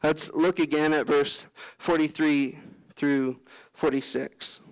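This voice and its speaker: A pastor preaching a sermon, earnest, often acting out prayers and the words of Bible figures. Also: male voice, high-pitched, clean tone, poor audio.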